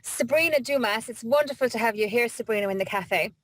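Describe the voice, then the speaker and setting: A woman's voice: a little high, a little fast, no room sound, low-quality recording. A woman hosting a casual chat over a video call, talking in a chatty, rambling, emotional way. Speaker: host.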